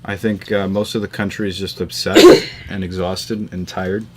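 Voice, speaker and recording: A man's voice: deep voice, flat delivery, normal speed, a little hiss or hum. A man from the New York area hosting a casual podcast chat, rambling and swearing freely with lots of fillers. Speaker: podcast host. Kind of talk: casual chat over a call.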